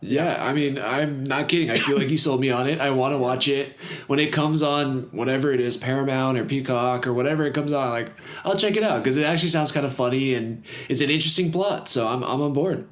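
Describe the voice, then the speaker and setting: A man's voice: mid-range voice, a bit bright. A man co-hosting a podcast, chatting in an easygoing, agreeable way and chiming in often. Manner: easygoing, agreeable, quick to chime in. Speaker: podcast co-host. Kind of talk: casual chat.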